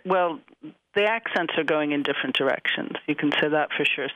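Academic on a dull remote line. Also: male voice, fairly high pitch, no room sound. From United States. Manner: thoughtful, explanatory, with frequent fillers and restarts. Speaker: linguistics professor, guest. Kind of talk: radio interview answers.

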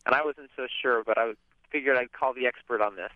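A man's voice: medium pitch, fairly quick, dry recording. Man calling in over a tinny phone line. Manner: rambling, hesitant, with fillers. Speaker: caller. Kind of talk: phone-in question.

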